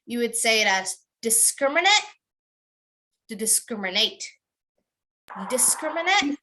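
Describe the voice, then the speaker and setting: A woman teacher leading an online class, repeating each word slowly and calling on students by name to try it. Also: a little high, animated, pushed and bright.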